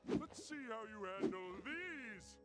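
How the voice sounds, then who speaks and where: An actor voicing a spiteful, boastful villain in a cartoon video game, with theatrical taunts. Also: male voice, extremely high pitch, very animated, a little slow, exaggerated voice, rough recording. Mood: gloating. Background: loud game music.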